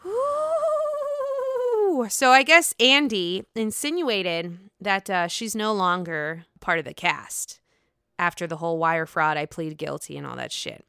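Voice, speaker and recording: A young woman casually recapping a reality show on her own, blunt and quick to swear, often mimicking people in exaggerated voices. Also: lowish voice, creaky, sharp tone, clean tone, no echo, clean studio sound. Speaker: reality TV commentator. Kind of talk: casual solo recap chat.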